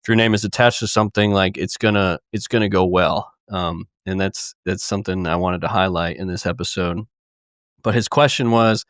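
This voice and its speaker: A man hosting a podcast, relaxed and joking as he reads out listener questions. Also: sits low, normal speed, no room sound, studio quality. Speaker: podcast host. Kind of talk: casual podcast chat.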